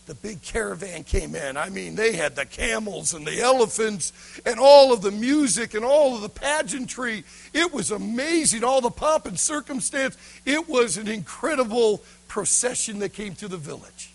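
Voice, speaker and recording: Dramatic, animated preacher man. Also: sits high, normal speed, creaky, low-quality recording. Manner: dramatic, swinging from shouts to near whispers. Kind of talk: sermon storytelling.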